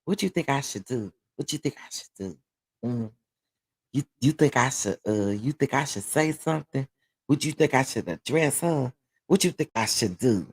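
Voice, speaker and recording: A man mocking a whiny young woman pleading for advice, her voice dropping soft and hushed as she repeats herself. She sounds hesitant and needy. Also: mid-range voice, lively intonation, moderate pace, breathy edge.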